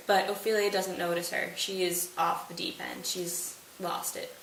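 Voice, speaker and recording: A woman's voice: on the low side, fairly bright tone. Sarcastic woman retelling a play. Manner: sarcastic, jokey. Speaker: host. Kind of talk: casual study retelling. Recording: roomy, distant mic, faint hiss.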